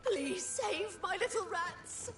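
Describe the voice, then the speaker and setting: A fretful, high-pitched woman who dotes on her pet rats. Her voice swings widely as she pleads in a melodramatic, anxious way. The game audio sounds roomy and a bit distant, with music behind it. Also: animated, takes it slowly, heavily acted. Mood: doting, fretful. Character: fretful middle-aged woman fussing over pet rats.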